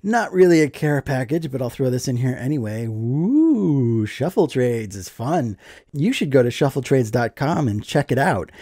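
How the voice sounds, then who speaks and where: A man's voice: medium pitch, sing-song, moderate pace, mellow, no room sound, clean studio sound. A man chatting casually as he opens mail, enthusiastic and joking. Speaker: card collecting vlogger. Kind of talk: casual mail opening chat.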